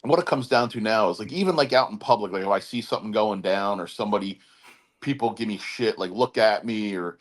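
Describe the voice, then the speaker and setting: A man's voice: lowish voice, brisk. Philly guy hosting a podcast, rambly, keeps imitating how people talk. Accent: Philadelphia. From Philadelphia area. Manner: rambling, repeats words, mimics other people's speech. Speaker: podcast host. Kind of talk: casual chat.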